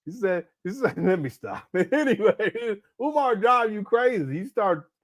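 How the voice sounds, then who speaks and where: A man's voice: high-pitched, lively intonation, measured pace. Mocking, laughing male commentary host. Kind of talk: casual live commentary.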